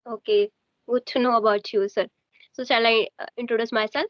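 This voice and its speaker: A homemaker from Maharashtra, India, is learning and practicing casual conversation, speaking hesitantly and haltingly with many fillers. Her voice is on the high side with little pitch movement. The audio is dull and has no echo.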